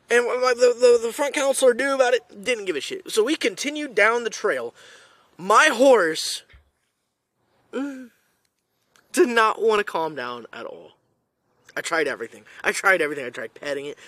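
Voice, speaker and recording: A man telling a comic story in a profane, animated way, swearing constantly. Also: sits high, dry recording. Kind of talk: comedic storytelling.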